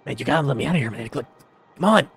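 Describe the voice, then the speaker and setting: A man voicing a gruff male prisoner who begs and stammers in a hushed voice. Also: mid-range voice, animated, very fast, exaggerated voice. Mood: pleading. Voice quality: gruff, gravelly.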